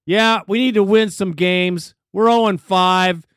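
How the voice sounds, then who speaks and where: An easygoing man hosts a fan call-in show, his voice high and smooth. The sound is dry and close, and he talks casually with folksy asides. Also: fairly even intonation, measured pace, fairly bright tone, dry recording. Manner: easygoing, brotherly, folksy sayings. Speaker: fan radio show host. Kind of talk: casual radio talk.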